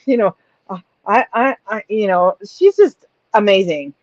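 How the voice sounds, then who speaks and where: A woman in a casual podcast chat, talking in a bubbly, animated, repetitive way. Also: medium pitch, unhurried, no echo. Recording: dull dry lo-fi mic.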